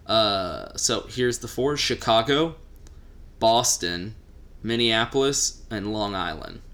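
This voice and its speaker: A man's voice: on the low side, takes it slowly, fairly bright tone. A man co-hosting a podcast, chatting casually and teasing his co-host. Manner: joking, teasing, runs the segment. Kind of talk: casual chat.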